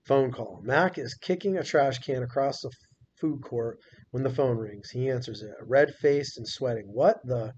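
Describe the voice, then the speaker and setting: Male teacher reading a novel aloud, steady and unhurried, muffled lo-fi sound with faint hiss. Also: medium pitch. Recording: dull lo-fi recording.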